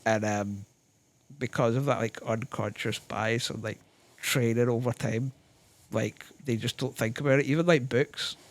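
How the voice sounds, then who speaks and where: A Scottish man, a guest on a podcast, speaking thoughtfully in casual chat with lots of pauses and fillers. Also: mid-range voice, steady tone. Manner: thoughtful, hesitant, many fillers. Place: podcast studio.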